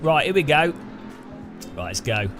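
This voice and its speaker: A man's voice: on the high side, big pitch swings, unhurried, a bit bright, soft background music. A man streaming a racing game, chatting casually to viewers in a rambling, self-mocking way with frequent chuckles. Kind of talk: casual live gameplay commentary.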